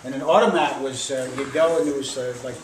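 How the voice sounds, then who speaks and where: A man's voice: mid-range voice, brisk. Older man telling a rambling story. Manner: rambling, animated, acts out voices with shouts. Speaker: grandfather telling a story to children. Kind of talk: casual storytelling. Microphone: camcorder across the room. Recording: echoey room, distant camera, loud noise.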